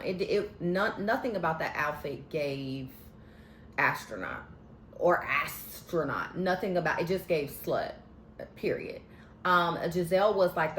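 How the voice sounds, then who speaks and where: Low-voiced woman dishing on a reality show, sassy and slangy, echoey room. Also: slight background noise. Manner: sassy, slangy, candid opinions. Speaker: vlogger recapping a reality show. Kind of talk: casual chatty recap.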